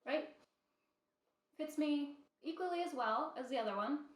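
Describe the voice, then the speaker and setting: A woman's voice: high voice, lively intonation, normal speed. A young adult woman hosting her own vlog, chatting casually to camera with lots of fillers and restarts. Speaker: vlog host.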